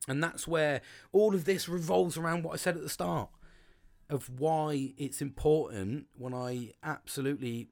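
A man's voice: on the high side, moderate pace, gravelly, a little mellow, faint music behind. Blunt, swearing middle-aged man. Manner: blunt, heavy swearing, rambling with many restarts. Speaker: podcast host. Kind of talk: casual solo podcast monologue. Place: home log cabin studio.

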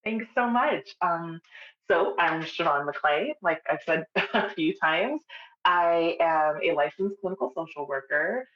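A woman in her thirties from Texas, co-hosting a podcast and talking about herself in an unhurried way. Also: lowish voice, expressive, echoey room, muffled recording. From El Paso, Texas. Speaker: podcast co-host. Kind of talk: casual podcast chat.

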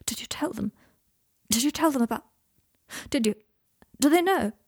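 Give me a woman voicing a weak, hushed injured young man with dry wit, husky and dry-sounding, for a read-aloud story. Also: on the high side, a little slow, no echo, exaggerated voice. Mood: weak, dazed. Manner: faint, hushed, often whispering.

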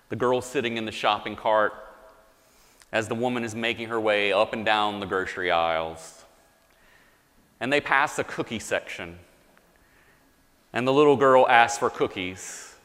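A male pastor preaching a sermon in a measured, deliberate way, reading scripture and telling a story. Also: lowish voice, fairly bright tone. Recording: long reverb of a large hall.

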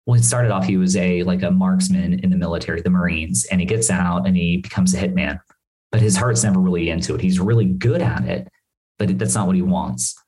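A man casually recapping a TV episode on his podcast, rambling and animated, with asides and swearing. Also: sits low, brisk, poor audio.

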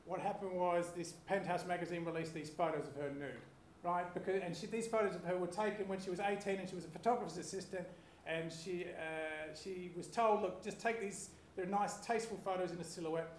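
A man's voice: sits high, steady tone, a little fast. A man in his forties telling a rambling, self-deprecating story as a panellist, apologizing as he goes. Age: 40s. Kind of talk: rambling comedic anecdote. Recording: echoey room with faint hiss.

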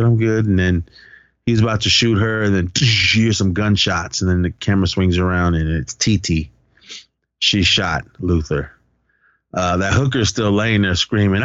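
A man's voice: lowish voice, dry recording, lo-fi sound. A man co-hosting a podcast, loosely retelling a film's plot and acting out the characters' lines. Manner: loose storytelling, acts out quotes, profane. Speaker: podcast co-host. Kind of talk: casual movie recap.

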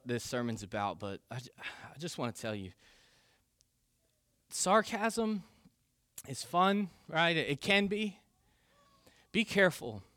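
Bright-voiced, emphatic male pastor. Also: mid-range voice, no room sound, studio quality. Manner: animated, emphatic, self-correcting. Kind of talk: sermon.

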